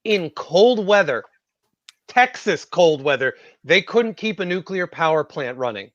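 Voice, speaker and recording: A man's voice: a little high, big pitch swings, unhurried, a bit bright, no echo, highs cut off. A man co-hosting a podcast, blunt and joking in casual chat. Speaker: podcast co-host.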